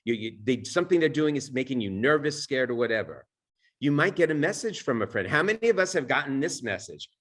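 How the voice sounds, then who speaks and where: A man at a mid-range pitch leads a live training session in a loose, conversational manner. He keeps asking the room "all right?" and fixes his own wording mid-sentence. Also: very animated, a little fast, a bit bright. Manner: self-correcting, restarts sentences. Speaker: real estate training instructor. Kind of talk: live training talk to an audience.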